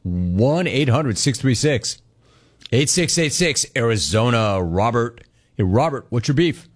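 Animated male sports radio host. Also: medium pitch. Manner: animated storytelling, quick bursts, acts out quotes. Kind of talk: casual talk radio monologue.

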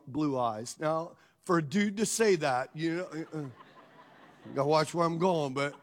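A middle-aged male pastor preaching a sermon, telling a personal story in an animated way and putting questions to his congregation. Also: high-pitched.

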